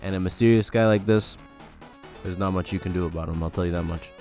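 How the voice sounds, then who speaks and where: A man's voice: sits low, fast, darkish tone, faint music behind. A man hosting a casual commentary video, reacting to posts in a wry, exasperated way. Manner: wry and exasperated, with mock warnings.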